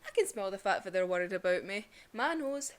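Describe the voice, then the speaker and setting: A pure-hearted young male manga hero, voiced by a woman in casual, slangy paraphrase. The pitch is lively and bouncy. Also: brisk, lightly acted. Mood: defiant.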